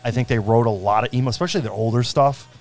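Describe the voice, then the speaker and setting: A man in his thirties talks in a loose, rambling way, full of fillers and quick laughs. His voice sits in the middle range. Faint music plays behind him. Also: medium pitch. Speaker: podcast co-host. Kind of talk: casual chat.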